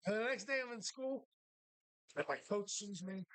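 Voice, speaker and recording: A man's voice: sits high, moderate pace, fairly bright tone, smooth, no echo. A man hosting a casual chat in a pub, telling profane, rambling stories.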